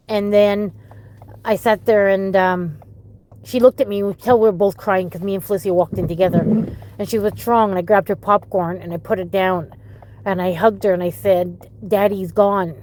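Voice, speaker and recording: Halting middle-aged woman telling a story. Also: medium pitch, darkish tone, a little hiss or hum. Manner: halting, emotional storytelling with restarts. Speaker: bereaved mother telling her story. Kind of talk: personal testimony.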